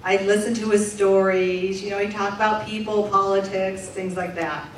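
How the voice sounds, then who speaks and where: A woman interpreting a deaf comedian's stand-up set aloud for a live audience, in a lively, animated way. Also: medium pitch, normal speed, a little hiss or hum. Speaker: sign language interpreter voicing a deaf comedian. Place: large room with a live audience. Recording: echoey distant room recording.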